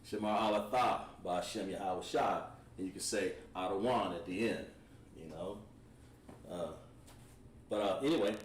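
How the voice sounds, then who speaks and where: Low-voiced guy teaching at a whiteboard, kinda far from the mic, echoey room. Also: moderate pace, a little hiss or hum. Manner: relaxed, explains step by step while writing on a board. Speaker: language teacher. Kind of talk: online class lesson at a whiteboard. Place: classroom with a board.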